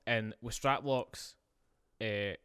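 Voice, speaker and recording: A man's voice: lowish voice, fairly even intonation, slow pace, pushed and bright, clear, resonant tone, no echo. Man, 20s, casual storyteller, rambling podcast co-host, close dry mic. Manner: rambling, filler-heavy, laughs through a story.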